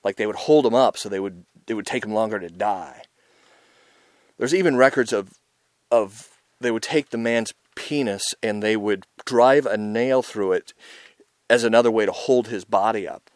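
A man delivers an informal sermon in a somewhat low voice, intense and conversational, swelling louder when he stresses a point and dropping low in between. The recording is dry and close, with no room sound. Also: normal speed, dry recording. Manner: intense and conversational, rising loud on emphasis, frequent "right?" and "man". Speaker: preacher and show host.

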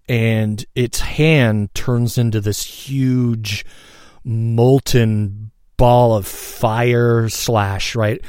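A man narrating a guided visualization story in a casual way, checking in with "right?" and chuckling softly. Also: mid-range voice, no echo, studio quality.

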